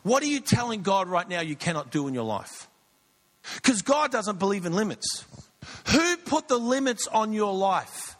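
Male pastor, very high and bright voice, lively storytelling sermon. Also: normal speed. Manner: animated storytelling, shouting punchlines.

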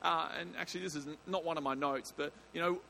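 High-voiced pastor, chatty and jokey. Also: male voice, fairly even intonation, fast talker, gravelly, bright, forceful tone, slight background noise. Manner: chatty, jokey, self-interrupting, bursts of emphasis. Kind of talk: evening sermon. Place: church hall.

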